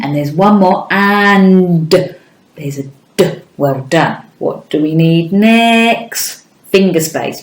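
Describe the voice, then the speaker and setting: A woman teaches phonics to young children at a very unhurried pace, drawing out each letter sound in a sing-song way. Her voice sits a little low for a woman. The room around her rings with echo. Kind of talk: early-years phonics lesson.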